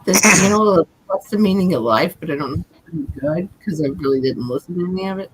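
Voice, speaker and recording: A woman's voice: on the low side, expressive, fast talker, husky, low-quality recording. A woman hosting a casual livestream chat from home, rambling, swearing and laughing a lot. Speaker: livestream host. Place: at home, seated.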